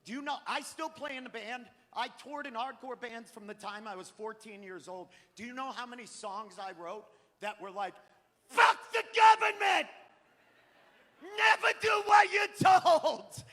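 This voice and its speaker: High, sharp-voiced comedian ranting on a theater stage. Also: male voice, normal speed, hardly any pauses, some chatter behind. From Maine. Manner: profane, ranting, bursts into shouting. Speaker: stand-up comedian. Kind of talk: live stand-up set. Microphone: handheld stage mic. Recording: live theater stream with long hall reverb.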